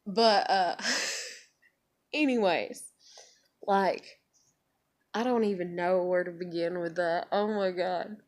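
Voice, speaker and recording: A woman's voice: lowish voice, fairly even intonation, takes it slowly, pauses often. A woman in her thirties ranting angrily in a video blog, swearing a lot and filling her talk with "like". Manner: heavy swearing, filler "like". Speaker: vlogger. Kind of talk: angry opinion rant to camera.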